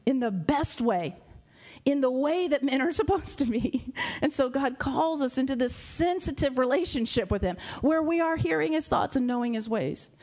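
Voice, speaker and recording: A woman preaching a sermon to a congregation in a church, animated and laughing often. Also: high voice, normal speed. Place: church hall with live audience.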